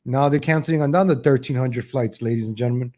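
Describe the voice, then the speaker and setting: A man hosting a political livestream who talks in a rambling, sarcastic way, with frequent restarts. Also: quick pace. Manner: mocking mimicry of politicians in a higher voice; says "ladies and gentlemen" often. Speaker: host of a political commentary show. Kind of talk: livestream commentary.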